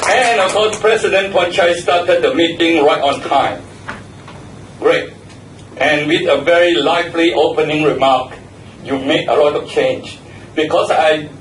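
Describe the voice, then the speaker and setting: A man's voice: on the high side, a little hiss or hum. A man giving feedback at a speaking club meeting. He repeats words and spells some out letter by letter. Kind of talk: meeting evaluation speech. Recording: echoey room, mic far off.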